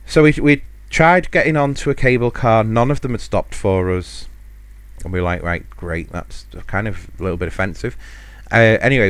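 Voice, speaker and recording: Male podcaster, deep voice, dry close sound, loose and self-deprecating storytelling. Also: smooth, no room sound. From United Kingdom. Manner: rambling and self-mocking, chuckling often. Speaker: podcast host. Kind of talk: casual solo storytelling.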